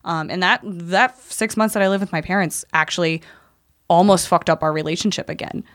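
A woman's voice: fairly low pitch, brisk. Blunt, profane woman veteran storyteller. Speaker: veteran guest. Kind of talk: candid podcast conversation.

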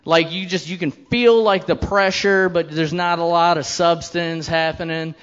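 A man's voice: a little high, fairly even intonation, measured pace, fairly bright tone, smooth, dull audio. A man in his thirties doing a stand-up comedy set, telling a crude story with brash, profane delivery and quoted voices.

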